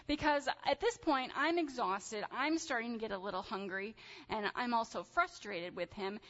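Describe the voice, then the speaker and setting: Woman, thirties, sermon storytelling, animated and chatty, long hall reverb, muffled sound. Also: fairly high pitch, normal speed. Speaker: speaker telling a personal story.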